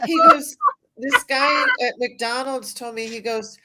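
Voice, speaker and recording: A woman calling in to a talk show. Her speech flows slowly and dreamily, and her voice sits fairly high. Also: sharp tone, slight background noise, poor audio. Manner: slow, flowing, dreamy speech. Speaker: caller. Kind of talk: call-in conversation.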